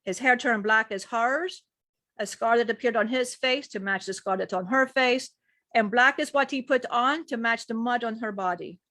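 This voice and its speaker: A woman retelling a spiritual story in an earnest, meandering way, often repeating "he said" as she goes. Her voice sits fairly high and sounds close and dry. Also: normal speed, sharp tone, dry recording. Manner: earnest, rambling retelling with frequent "he said". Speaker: spiritual teacher and channeler.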